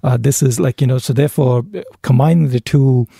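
A man's voice: mid-range voice, steady tone, brisk, gravelly, dark tone, husky, dry recording, clean studio sound. A man co-hosting a finance podcast in casual chat, hesitant and full of fillers, laughing easily.

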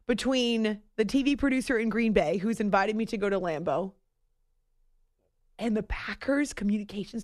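A woman's voice: mid-range voice, normal speed, darkish tone. A woman hosting a late-night sports radio show from a studio, chatty and self-mocking, with giggly asides. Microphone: studio microphone.

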